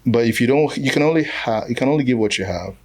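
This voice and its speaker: A man's voice: mid-range voice, quick pace. A man from Nigeria, a comedian, telling jokes and stories in a casual podcast conversation. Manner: jokey, animated storytelling with voiced asides.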